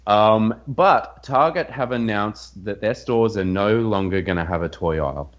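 Low-voiced Australian man, lo-fi line. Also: a little slow. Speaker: podcast co-host. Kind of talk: casual chat over a call. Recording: dull lo-fi line.

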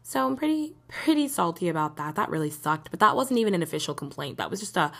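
Young woman, podcast host, rambling casual storytelling, lively swooping pitch, frequent laughs. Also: quick pace, gravelly. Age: young adult. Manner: animated, rambling, laughs often.

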